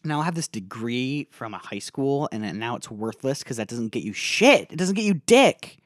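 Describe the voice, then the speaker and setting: A man's voice: medium pitch, normal speed, no room sound, studio quality. A young man co-hosting a casual chat, joking around and slipping into mock voices. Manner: animated, jokey, puts on mock voices and accents. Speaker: podcast co-host.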